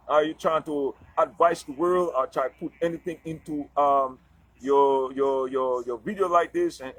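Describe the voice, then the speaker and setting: A man's voice: on the high side, fairly bright tone, no echo, low-quality recording. A man giving casual motivational advice straight to his viewers, in a loose, rambling way, checking in after nearly every point to ask if they understand. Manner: loose, rambling delivery with restarts, breaks into singing. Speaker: vlogger giving life advice. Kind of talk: casual motivational monologue to camera.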